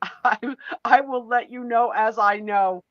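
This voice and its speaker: A woman's voice: a little high, fairly even intonation, a little slow, highs cut off, slight background noise. A middle-aged woman joining a live stream as a guest, chatting fondly and giggling as she tells family news. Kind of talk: casual live-stream chat.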